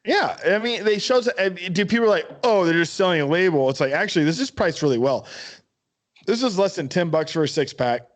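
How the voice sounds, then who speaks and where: A man with a slightly higher voice co-hosts a podcast in loose, casual chat. He rambles enthusiastically from one thought to the next and swears freely. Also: expressive, a little fast. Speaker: podcast co-host.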